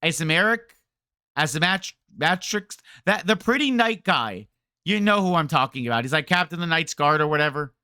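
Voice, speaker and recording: A man's voice: on the high side, expressive, moderate pace, sharp tone, clear, resonant tone, no echo, clean studio sound. A man streaming a game, ranting to his chat in a rambling, sarcastic way. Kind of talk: casual game rant to chat.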